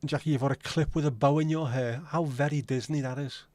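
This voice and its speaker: A man's voice: fairly high pitch, steady tone, fairly quick, a little mellow, dry recording. A man hosting a live stream, chatting casually and teasing his viewers as he reads and answers their comments. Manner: friendly, teasing banter with viewers. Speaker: livestream host.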